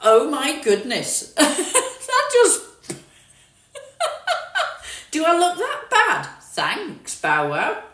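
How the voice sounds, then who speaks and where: A woman's voice: high-pitched, wildly swooping pitch, very slow, pauses often, fairly bright tone, echoey room, far from the mic. A middle-aged woman from London with a southern English accent, partly mixed with northern, chatting casually on a livestream, reading out and answering viewer comments. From London, England. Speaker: livestream host. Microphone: phone.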